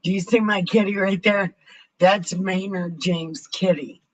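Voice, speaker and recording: Woman, raspy husky voice, slow drawl, profane rambling livestream chat. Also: mid-range voice, fairly even intonation, highs cut off. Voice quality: raspy, altered voice. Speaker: livestream host reading the Bible. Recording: home livestream mic.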